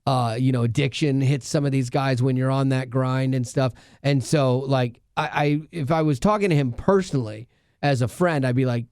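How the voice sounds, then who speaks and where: A radio show co-host with a mid-range, darkish, clear, resonant voice speaks at a moderate pace in clean, dry studio sound. On a casual podcast, he tells a personal story earnestly, with many restarts and asides.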